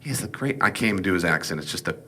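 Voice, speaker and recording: A man's voice: low voice, expressive, very fast, bright, forceful tone, slightly rough. A man teaching an informal Bible class, folksy and digressive with joking asides.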